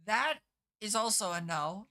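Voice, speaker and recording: Bright-voiced woman game streamer. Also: mid-range voice, a little slow. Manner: chatty, swears freely, answers chat. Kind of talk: casual live-stream chat.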